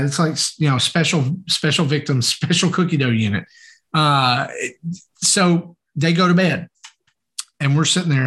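A man telling a story on a podcast in a relaxed, chatty way, with plenty of fillers. He acts out the lines people said in the story. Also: fairly high pitch. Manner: animated, acts out quoted dialogue, many fillers. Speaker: podcast co-host. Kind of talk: casual anecdotal storytelling.

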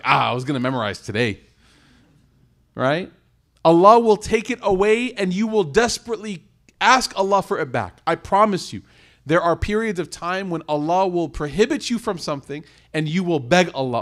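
An earnest man in his thirties preaching to a live room. His voice is mid-pitched and climbs higher when he stresses a point. He slows down on the lines that matter most. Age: 30s. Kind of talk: sermon and closing prayer.

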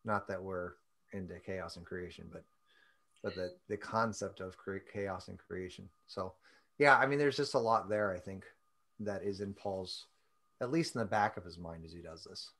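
Bright-voiced man leading a Bible study. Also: sits low, moderate pace. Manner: thoughtful, self-interrupting, chatty. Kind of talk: casual teaching chat.

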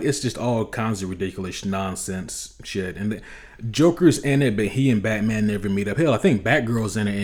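A man's voice: lowish voice, darkish tone. A man co-hosting a comic book podcast in casual chat, rambling with many restarts and plenty of swearing. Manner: rambling, profane, frequent restarts. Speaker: podcast co-host.

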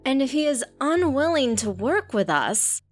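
A woman voicing a menacing male gang leader giving a slow, measured speech. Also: high voice, very animated, faint music behind, voice pushed up.

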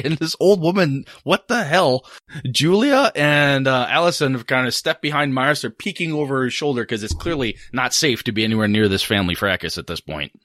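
A man narrating as game master of a tabletop game, acting out scenes in an animated way. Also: mid-range voice, brisk, no room sound, clean studio sound.

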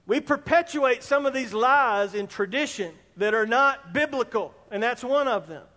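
High-voiced pastor preaching in a reverberant hall. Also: male voice, animated, normal speed. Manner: emphatic preaching, rising to near shouts. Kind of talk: sermon. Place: church sanctuary.

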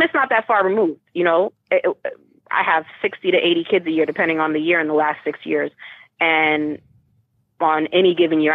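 A woman's voice: on the low side, dry recording. A woman from Boston who works as a teacher, talking in an emphatic, chatty way with lots of restarts. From Boston, United States. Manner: talkative, emphatic, frequent restarts. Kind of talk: casual conversation. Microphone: call audio. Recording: tinny phone line.

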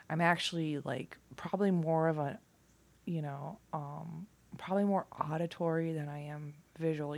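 A woman talking casually and at length, profane and rambling, dropping from loud bursts to near-whispers. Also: sits low, gravelly, slightly rough. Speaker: vlogger.

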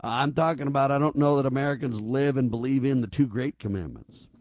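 A man's voice: mid-range voice, quick pace, a little mellow, dry recording. A man hosting a talk radio show, speaking emphatically and stacking rhetorical questions. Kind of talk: conservative talk radio commentary.

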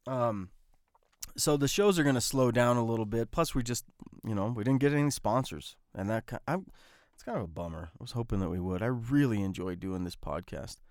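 A man's voice: medium pitch, animated, a little fast, a little mellow, dry recording, clean studio sound. A man hosting a solo podcast, talking casually and rambling, with many fillers and restarts. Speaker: podcast host.

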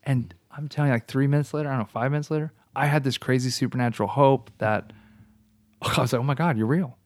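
Animated man telling a testimony. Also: mid-range voice, fast talker. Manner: animated storyteller with frequent restarts and laughs. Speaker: guest telling his testimony. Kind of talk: casual testimony in a talk show.

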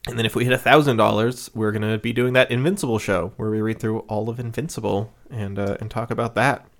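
A man's voice: on the low side, steady tone, fast. Rambling man on a podcast. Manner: rambling, filler-heavy, laughs often. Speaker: podcast co-host. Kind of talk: casual podcast chat.

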